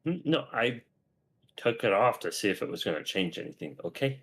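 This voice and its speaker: A man's voice: lowish voice, lively intonation, a little fast, vocal fry, fairly bright tone, breathy edge. A man joining a casual gaming voice chat as a teammate, laid-back, cracking dry jokes and calling out tactics.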